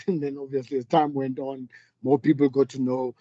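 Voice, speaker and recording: A man's voice: mid-range voice, level tone, normal speed, warm tone, no room sound, lo-fi sound. A middle-aged man, giving a candid, earnest talk as a panel speaker and telling a personal story with frequent restarts. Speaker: panel speaker, business leader. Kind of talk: reflective public talk.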